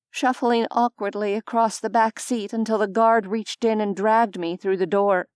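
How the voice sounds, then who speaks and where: A woman reading a first-person audiobook with wry, even storytelling. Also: fairly high pitch, clear, resonant tone, no room sound, studio quality. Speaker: audiobook narrator. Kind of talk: scripted first-person narration.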